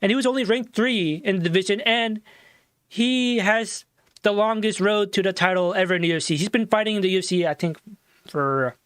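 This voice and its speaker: A young man co-hosting a casual online news show, his voice pitched noticeably high. He reads headlines and then drifts into easygoing asides. The sound is close and dry. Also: a little fast, a bit bright, clear, resonant tone, dry recording. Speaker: co-host.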